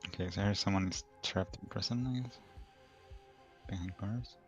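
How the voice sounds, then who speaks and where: A young man whose first language is Swedish, a game artist on a casual livestream, who gives quiet, brief answers and laughs shyly. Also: sits low, normal speed, soft background music.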